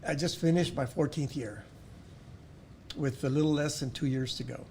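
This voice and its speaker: A middle-aged man with a South Texas accent, a podcast guest who tells stories warmly, often restarting and repeating words. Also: medium pitch, normal speed, gravelly, a little hiss or hum. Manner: warm storytelling with many restarts and repeated words. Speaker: podcast guest, school board member. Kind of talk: casual interview storytelling.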